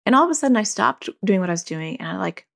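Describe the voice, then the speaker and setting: A woman's voice: mid-range voice, lively intonation, fast talker, gravelly, fairly bright tone. A woman, a parent who hosts a podcast, talking candidly in a loose, conversational way and often saying "like". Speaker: podcast host. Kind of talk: casual reflective parenting talk.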